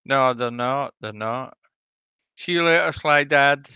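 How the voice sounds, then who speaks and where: A man's voice: mid-range voice, slow, pushed and bright, smooth, no echo, dull audio. A man with a Scottish accent, co-hosting a casual livestream and teasing the host. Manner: teasing, jokey.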